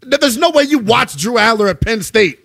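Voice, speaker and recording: A man's voice: extremely high pitch, lively intonation, a little fast, creaky, pushed and bright. A man co-hosting a sports radio show, arguing insistently and repeating himself in a heated debate.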